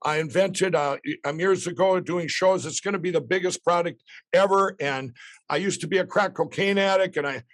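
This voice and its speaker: A man, telling a rambling, excited story as a podcast guest. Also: high-pitched, normal speed, no room sound.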